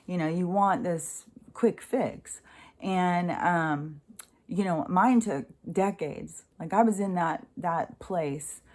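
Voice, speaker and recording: A woman's voice: fairly low pitch, takes it slowly, a little mellow. A middle-aged woman speaking in a rambling, conversational way, giving a casual spiritual monologue full of fillers and the odd swear word.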